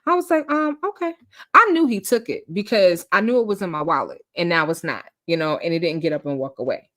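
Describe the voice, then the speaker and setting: Animated woman, host telling a story, swooping pitch, playful delivery. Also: quick pace, dry recording, clean studio sound. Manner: animated, laughing, acts out quotes. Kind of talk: casual storytime.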